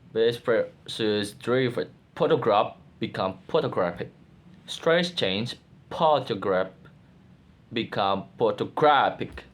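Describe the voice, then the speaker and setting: A man presenting a class project, reading each slide aloud at a very unhurried pace. His delivery is careful and a little halting, with occasional restarts. His voice sits at an ordinary pitch for a man. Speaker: student presenter.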